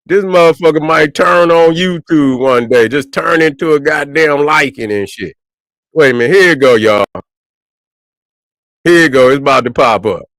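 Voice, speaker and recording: A man's voice: fairly high pitch, moderate pace, a bit bright, dry recording, clean studio sound. A man, ranting profanely and repetitively to viewers on a livestream. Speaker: online commentator.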